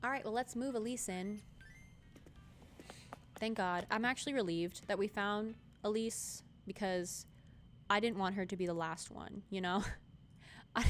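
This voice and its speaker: A woman's voice: medium pitch, a little hiss or hum. A woman streaming a video game, chatting casually with her viewers in a playful, teasing way. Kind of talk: casual gameplay livestream chat. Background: game music.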